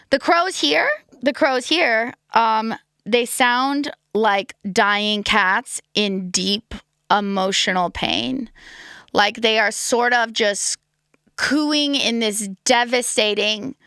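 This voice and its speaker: Chatty American woman with vocal fry. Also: fairly high pitch, takes it slowly, pushed and bright, no room sound, studio quality. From United States. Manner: rambling and chatty, full of "like" and "um". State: hungover. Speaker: podcast host. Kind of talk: casual solo podcast chat.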